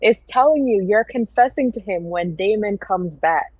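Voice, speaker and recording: A woman's voice: mid-range voice, expressive, normal speed, darkish tone, no echo, low-quality recording. A woman panelist talking earnestly about a TV show, acting out a character's lines. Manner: earnest, acts out lines with laughs. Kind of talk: casual show recap chat.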